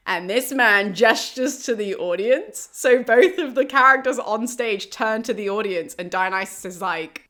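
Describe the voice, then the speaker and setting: A woman hosting a casual summary of an ancient play, chatty and animated and laughing often. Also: fairly high pitch, unhurried. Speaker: host of a classics explainer channel.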